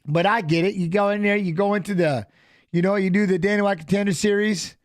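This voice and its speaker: A man giving casual live commentary on a fight as a watch-along host, animated and coaching the fighters aloud, repeating phrases. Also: sits high, brisk, dry recording, clean studio sound.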